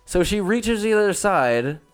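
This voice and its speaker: A man casually recapping a film, rambling, swearing and telling the story with animated asides. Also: sits high, unhurried, smooth, faint music behind.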